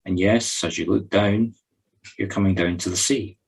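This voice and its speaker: A Scottish man as a spiritual medium, leading a guided meditation with calm, gently humorous storytelling. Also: sits low, moderate pace, husky, low-quality recording.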